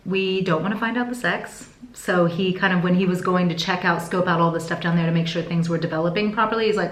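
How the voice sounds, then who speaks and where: A woman talking to camera in a casual vlog, telling her story in a chatty, expressive way. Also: fairly low pitch, a little fast. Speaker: vlogger. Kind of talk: casual pregnancy update vlog. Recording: echoey room.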